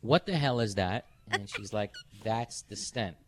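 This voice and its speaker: A middle-aged man hosting a radio show, telling a story in a casual, animated way and acting out the voices of the people in it. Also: lowish voice, unhurried, heavy background noise. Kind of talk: casual on-air chat.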